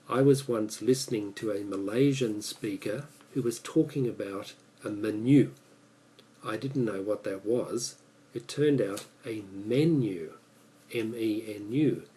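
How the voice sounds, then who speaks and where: A man with an Australian accent giving a measured, prepared speech as an English speaking coach. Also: fairly low pitch, dark tone, rough recording. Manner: measured, deliberate delivery.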